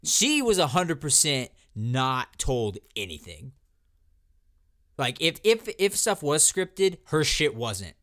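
Animated podcast guy with a lively voice. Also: a little high. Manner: animated and swearing, with quick restarts. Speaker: podcast co-host. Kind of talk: casual chat.

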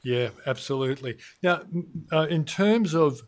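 A man's voice: fairly high pitch, animated, normal speed, no echo, clean studio sound. A man hosting an interview, asking probing conversational questions. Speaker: host.

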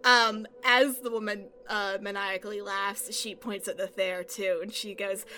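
A woman's voice: medium pitch, fairly even intonation, a little slow, sharp tone. A woman narrating a tabletop game as game master, with hesitant, giggly narration.

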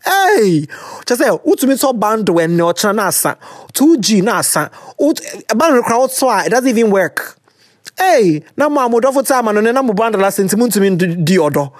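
A woman with a Ghanaian accent hosting an advice podcast, reading listener letters in a teasing, animated way and mixing in slang and local words. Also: mid-range voice, a little fast, no echo, studio quality. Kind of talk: casual chat.

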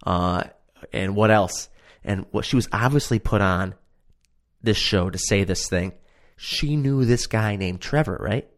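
A man's voice: fairly low pitch, unhurried. A man casually ranting about a reality show he watched, profane, sarcastic and exasperated. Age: adult. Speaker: show reviewer.

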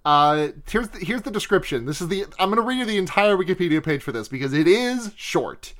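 A podcast co-host in casual chat, joking and laughing often with quick asides. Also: mid-range voice, big pitch swings. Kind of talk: casual anime recap chat.

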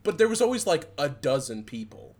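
A man's voice: fairly high pitch, very animated, a little fast, over a noisy crowd. A young man from Michigan co-hosting a podcast, rambling and swearing as he tells old work stories with laughs. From Southeast Michigan. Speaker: podcast co-host. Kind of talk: casual chat.

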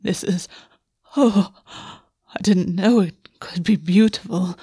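A woman voicing a formal, proud male fae king who speaks slowly in a breathy hush. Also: fairly low pitch, dry recording, clean studio sound, exaggerated voice. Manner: formal, slow, breathy and hushed.

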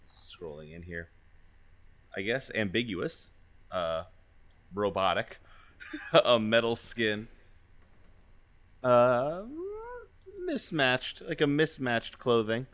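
A man's voice: medium pitch, slow pace, vocal fry, pauses often, fairly bright tone. A man playing a tabletop game, talking hesitantly and jokingly in casual chat. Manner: hesitant, jokey, with frequent laughter.

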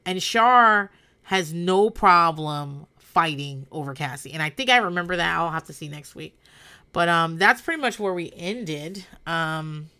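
A woman's voice: lowish voice, animated, unhurried, bright, forceful tone, clear, resonant tone. A woman hosting a casual podcast recap, talking bluntly with lots of swearing and laughter. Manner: blunt and profane, with frequent laughter. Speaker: podcast host. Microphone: podcast microphone.

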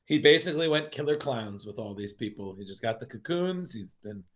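A man's voice: mid-range voice, lively intonation, brisk, fairly bright tone. Rambling man reviewing a horror comic. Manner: rambling, many restarts and fillers, acts out quotes. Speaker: podcast co-host. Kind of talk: casual comic book review chat.

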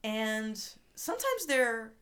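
A woman's voice: on the high side, sing-song, takes it slowly, a bit bright. Wry woman co-hosting an improv podcast. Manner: playful, wry. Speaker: podcast co-host. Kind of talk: casual improv podcast banter.

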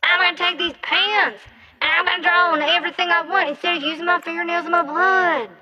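A woman's voice: very high voice, fairly even intonation, fairly quick, sharp tone, exaggerated voice. A woman voicing a giddy female demon looter who rattles off what she will take. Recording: muffled phone recording.

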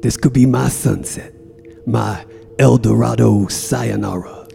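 A man doing a gravelly, brooding tough guy. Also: mid-range voice, measured pace, dark tone, faint music behind. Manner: brooding, foul-mouthed, melodramatic. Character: profane gravelly mobster-type man drifting in a coma.

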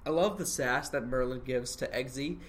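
A man's voice: mid-range voice, moderate pace. A man casually chatting about a movie, enthusiastically recapping scenes and riffing with his co-host. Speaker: podcast co-host.

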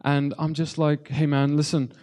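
Soft-toned man preaching a halting testimony. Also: on the high side, little pitch movement. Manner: halting, repeats words, addresses congregation. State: tearful. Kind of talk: testimony sermon.

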